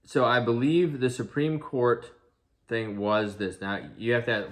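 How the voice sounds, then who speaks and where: A man's voice: medium pitch, steady tone, unhurried. A man, a father of a grown son, giving an earnest commentary monologue full of rhetorical questions and restarts. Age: adult, father of an eighteen-year-old. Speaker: video commentator.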